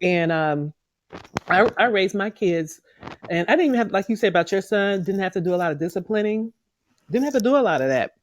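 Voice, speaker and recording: A woman's voice: medium pitch, animated, brisk, slight background noise. Hesitant middle-aged woman telling a story. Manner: hesitant storytelling with many fillers. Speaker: podcast co-host. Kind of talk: casual chat.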